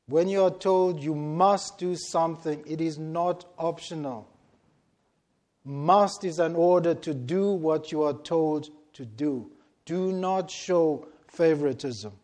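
A man preaching a sermon, slow and deliberate, stressing key words with long pauses. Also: fairly high pitch, a little mellow.

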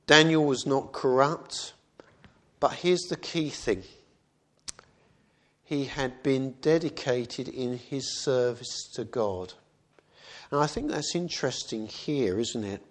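A man's voice: medium pitch, slow, long pauses. A man preaching a sermon in a conversational way, often asking rhetorical questions.

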